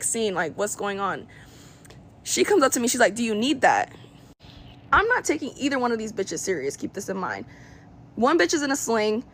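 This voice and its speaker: A woman's voice: on the high side, a bit bright. A woman telling a storytime in casual talk, blunt and indignant, rambling with plenty of fillers.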